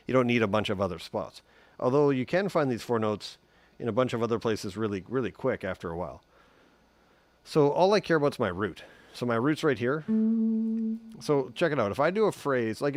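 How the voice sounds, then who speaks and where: A man giving a relaxed, chatty guitar lesson on a live stream, humming note sounds as he explains. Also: medium pitch, no echo. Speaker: guitar teacher.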